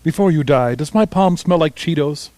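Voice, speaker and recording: A man's voice: fairly high pitch, moderate pace, warm tone, no echo, natural voice, poor audio. A man voicing a pompous male robot puppet, delivering lines with mock grandeur. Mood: snide. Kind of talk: voice-over for a puppet comedy.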